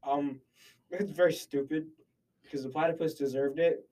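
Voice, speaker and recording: Male host, mid pitch, deadpan mock-villain interviewer with drifting accent; mic slightly distant. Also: normal speed. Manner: deadpan asides, shifting playful accents. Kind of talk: improvised comedy interview.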